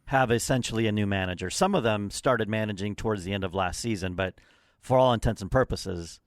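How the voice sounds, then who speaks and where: A man's voice: fairly low pitch, brisk, no echo. Dry, teasing man on a podcast. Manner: dry, teasing, matter-of-fact. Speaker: podcast co-host. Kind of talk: casual chat.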